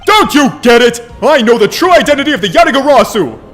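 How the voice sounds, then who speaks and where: A man putting on a desperate young defendant, high-pitched, lively swings, pleading, accusatory, game dialogue. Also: quick pace, soft background music, full character voice. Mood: accusing. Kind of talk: game dialogue read aloud.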